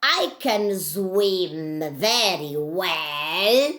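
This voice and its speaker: A friendly alligator puppet as a woman puts him on, bright and lively, with a sing-song lift. He speaks slowly in short, simple lines for little children. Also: fairly low pitch, exaggerated voice.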